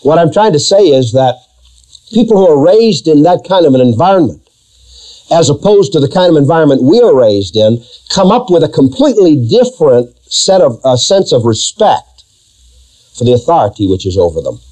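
A pastor preaching to his congregation, driving his points home with emphatic rhetorical questions. His voice is a little high yet mellow, and it swings up and down with lively intonation. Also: moderate pace, low-quality recording. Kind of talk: sermon.

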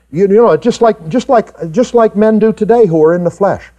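A man preaching a sermon to his congregation, animated and rising high in pitch when he acts out doubters. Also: moderate pace, dull audio. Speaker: pastor. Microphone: pulpit mic recorded for tape.

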